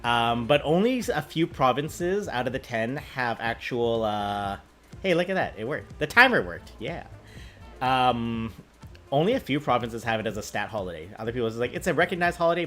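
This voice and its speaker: A man's voice: mid-range voice, big pitch swings, normal speed, fairly bright tone, faint music behind. A man chatting casually on a game stream, rambling and laughing. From British Columbia, Canada.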